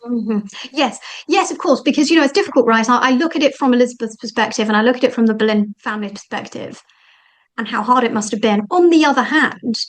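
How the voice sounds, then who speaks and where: A woman talking as the guest author in an interview, animated and thinking aloud with frequent fillers. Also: a little high, fast, poor audio. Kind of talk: conversational interview.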